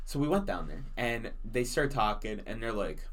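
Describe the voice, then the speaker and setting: A young man, a college student, co-hosting a podcast in casual chat as an animated storyteller who says "bro" a lot. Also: on the low side, moderate pace. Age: young adult. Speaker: podcast co-host.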